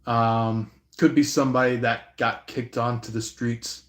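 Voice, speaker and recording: A man giving an intuitive reading on a live stream, slow and halting, with many fillers and restarts. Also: medium pitch, steady tone, roomy sound. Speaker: tarot reader.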